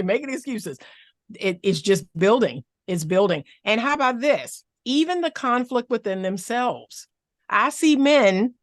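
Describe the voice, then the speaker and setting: A woman therapist talks as a podcast guest with lively emphasis, driving her points home by repeating key phrases. Her voice sits at an ordinary middle pitch. The sound is dry and close, with no room echo. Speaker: therapist and relationship coach.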